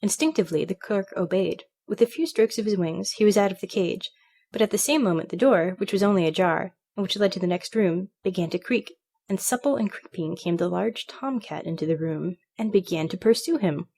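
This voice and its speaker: Female narrator for a classic fairy tale reading, measured and expressive. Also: mid-range voice, vocal fry. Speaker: storybook reader. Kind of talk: scripted narration.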